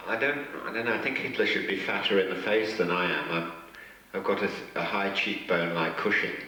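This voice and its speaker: Deep-voiced man rambling in an echoey hall. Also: fairly bright tone, far from the mic, slight background noise. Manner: rambling, hesitant, self-mocking, chuckling. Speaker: guest actor at a fan convention panel. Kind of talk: convention Q&A anecdotes. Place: large convention hall with an audience.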